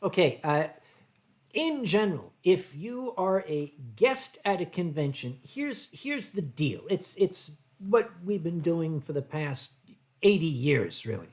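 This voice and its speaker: Older american guy rambling through viewer chat on a stream, deadpan jokes. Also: a little high, slow pace. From United States. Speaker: livestream host. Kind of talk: casual chat answering viewer chat.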